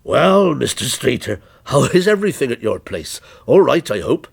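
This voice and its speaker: A man playing a brisk official ringing up, breezy and apologetic in a businesslike way, his voice lively in pitch and a touch husky. Part of a short story read aloud. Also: full character voice. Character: brisk male official calling on the phone.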